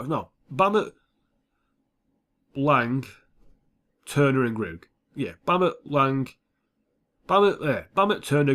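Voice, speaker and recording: A young man commentating his own football video game, sweary and excitable, dropping to mutters and jumping to shouts. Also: medium pitch. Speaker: gaming YouTuber. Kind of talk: gameplay commentary.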